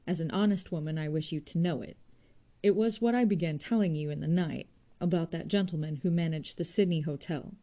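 A woman reading aloud voices a blunt, careless young woman who speaks briskly and forcefully. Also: low voice. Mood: confiding.

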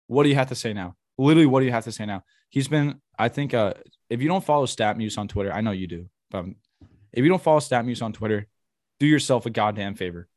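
A young man co-hosting a sports podcast, chatting casually and telling profane, excitable stories. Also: mid-range voice, fast, no room sound, clean studio sound. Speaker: podcast co-host.

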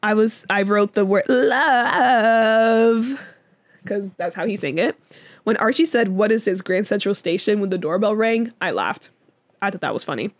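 A young woman co-hosts a podcast in relaxed, casual conversation. She rambles with plenty of fillers and laughs easily, her pitch sitting in a middle range. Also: a little fast. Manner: chatty, lots of fillers and laughs. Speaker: podcast co-host. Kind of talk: casual chat.

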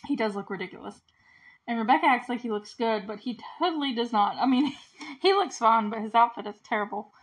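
A woman's voice: on the high side, brisk, low-quality recording. A woman hosting a casual movie recap, chatty and giggly, filling her talk with "like". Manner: chatty, giggly, heavy use of "like".

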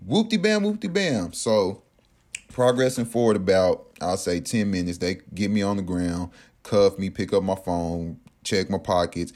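A man casually telling a personal story in an animated, profane way, acting out what others said. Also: sits low, unhurried. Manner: animated, profane, acts out quotes.

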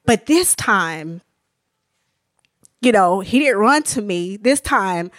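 As a podcast guest, an author and minister tells her personal faith testimony in an expressive, mid-range voice, taking it slowly. She speaks casually and candidly, earnest and emotional, with many restarts, captured in clean studio sound with no room sound.

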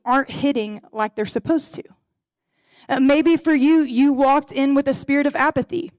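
A woman preaches to a congregation, telling stories and reading scripture in an earnest, heartfelt way. Her voice sits high and bright in pitch. The sound is dry and close, with little room echo. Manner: earnest, storytelling, prays softly. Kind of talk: sermon to a congregation. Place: in a room with a gathered audience.

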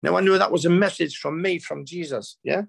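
Gravelly man telling a story. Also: a little high, brisk, dry recording, rough recording. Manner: rambling, repeats himself, broken restarts. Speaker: spiritual healer guest. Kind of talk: emotional storytelling.

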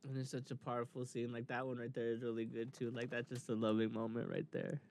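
A man's voice: medium pitch, fast talker. A young man in casual chat, retelling scenes with lots of swearing and laughter. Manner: animated retelling, swears freely, laughs often.

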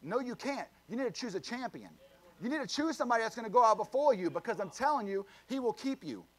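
A man preaching a sermon, swinging between loud emphatic surges and low, quiet asides. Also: expressive, fast talker. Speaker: pastor.

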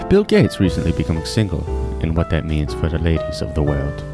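A man doing a stiff foreign cousin. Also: extremely low pitch. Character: stiff formal foreign cousin, adult male. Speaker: podcast intro guest.

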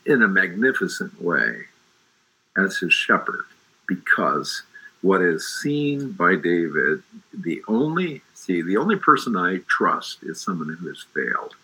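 A man's voice: deep voice, very animated, a little slow, sharp tone, breathy edge, poor audio. A middle-aged man talking about faith in an emphatic, preacherly way, often restarting his sentences. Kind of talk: faith discussion.

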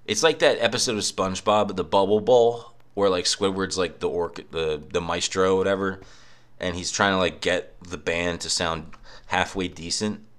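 Low-voiced man ranting profanely. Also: steady tone, moderate pace, a bit bright. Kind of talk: casual rant. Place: apartment. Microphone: cheap microphone.

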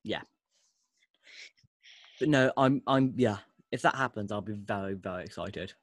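A man's voice: lowish voice, measured pace, dry recording. A man hosting a casual podcast chat, talking enthusiastically and restarting often. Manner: enthusiastic, rambling, with frequent restarts. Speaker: podcast host.

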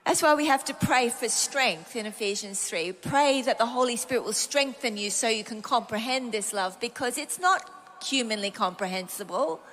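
A woman's voice: on the high side, moderate pace, slight background noise. A middle-aged Australian woman preaching a sermon, telling personal stories and acting out her own prayers and conversations. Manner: animated, acts out her own prayers and dialogue.

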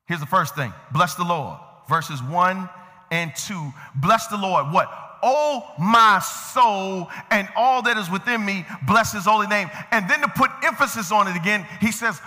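High, bright-voiced preacher in a hall. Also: male voice, animated, normal speed. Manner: builds from conversational to shouted emphasis; addresses congregation members by name. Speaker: pastor. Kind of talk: sermon. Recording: long reverb of a large hall.

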